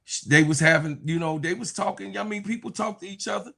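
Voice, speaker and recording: A man's voice: high-pitched, fast, gravelly, fairly bright tone. A man giving casual, slangy reaction commentary on sports, mocking and acting out quotes as he talks.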